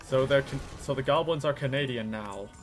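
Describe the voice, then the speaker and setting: A man's voice: medium pitch, brisk, soft background music. A man chatting casually while gaming, with a wry, conversational delivery. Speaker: co-player.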